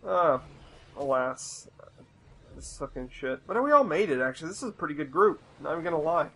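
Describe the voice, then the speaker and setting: A man's voice: on the high side, expressive, a little fast, pushed and bright, rough recording. A young man from the United States giving casual, rambling gameplay commentary with plenty of swearing and exasperation. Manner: rambling, profane, easily exasperated.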